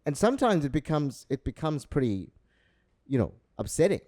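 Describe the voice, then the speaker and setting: Man, podcast co-host, casual rambling chat, warm mellow tone, dry close sound. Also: a little high, very animated, dry recording. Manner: rambling, halting storyteller.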